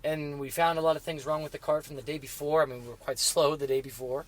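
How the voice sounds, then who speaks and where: A middle-aged man telling racing stories in casual conversation, halting and full of restarts, growing emotional as he remembers. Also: fairly high pitch, steady tone. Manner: halting, many restarts and fillers, emotional when recalling. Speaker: guest. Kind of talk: casual interview chat.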